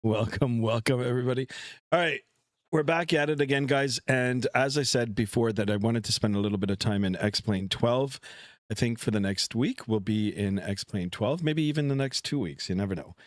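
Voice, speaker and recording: A man's voice: medium pitch, normal speed, no room sound. A middle-aged man talks casually into a headset mic, rambling through his setup with lots of "uh"s. His voice is dry and close, with no room around it. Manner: relaxed, rambling, many fillers. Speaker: flight sim streamer. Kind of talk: casual live-stream chat. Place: home room.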